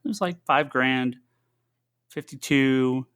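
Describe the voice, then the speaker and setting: A man co-hosting a casual podcast chat, telling an animated story with many restarts. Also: mid-range voice, slow, smooth. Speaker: podcast co-host.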